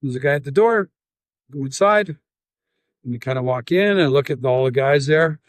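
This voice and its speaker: A Canadian man telling a story in an interview, acting out scenes with sound effects and halting restarts. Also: mid-range voice, no echo. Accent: Canadian English. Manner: animated, acts out scenes with sound effects and quoted voices. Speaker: interview guest, volunteer.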